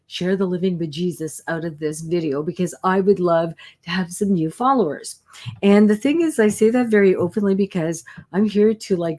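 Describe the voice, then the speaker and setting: A woman from Canada hosting a psychic livestream, chatting warmly and greeting viewers by name with lots of exclamations. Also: lowish voice.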